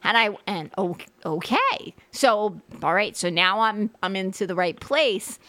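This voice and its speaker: A woman host talks in a chatty, rambling way, often laughing between thoughts. Her voice sits at an average pitch and sounds close and dry, with no echo. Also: a little slow, fairly bright tone. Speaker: talk show host. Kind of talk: casual interview chat.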